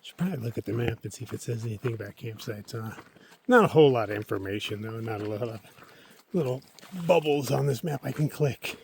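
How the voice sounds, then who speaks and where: A man with a gravelly voice, talking in a relaxed, chatty way as he hikes a mountain trail and records himself on a handheld camera. There is faint outdoor noise behind him. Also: mid-range voice, quick pace. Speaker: solo thru-hiker vlogger. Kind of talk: casual vlog narration while hiking.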